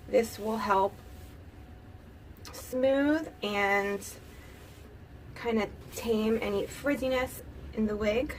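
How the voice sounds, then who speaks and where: Woman beauty vlogger, slow casual chat, slightly high voice, far from the mic, noisy background. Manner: chatty, giggly, says "like" often. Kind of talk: casual tutorial talk. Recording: distant mic with clear background noise.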